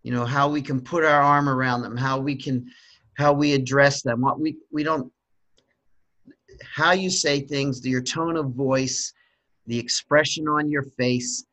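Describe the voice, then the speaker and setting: A man's voice: mid-range voice, steady tone, a little slow, a bit bright. A man, a swim coach, talking casually and giving earnest, emphatic advice. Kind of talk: casual conversation.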